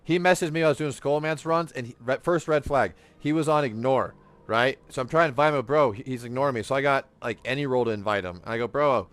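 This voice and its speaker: A man hosting a gaming podcast, telling stories in casual, profane, animated chat while he plays. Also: medium pitch, fast talker. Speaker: streamer and podcast host.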